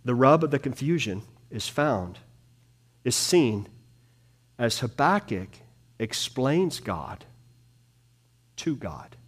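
A man preaching a sermon to a small congregation in a room, swinging between hushed and loud delivery. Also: medium pitch, very animated, slow pace, long pauses, husky. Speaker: pastor.

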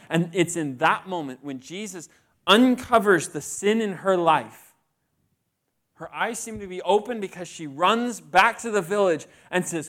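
The sermon comes from a man with a high, animated, fairly bright voice who keeps a measured pace. He talks conversationally and regularly questions the congregation.

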